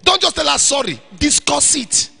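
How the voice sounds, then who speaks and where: High, lively preacher in a reverberant hall. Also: male voice, moderate pace, vocal fry. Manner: animated preaching, acts out little scenes. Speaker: pastor. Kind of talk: sermon to young single men.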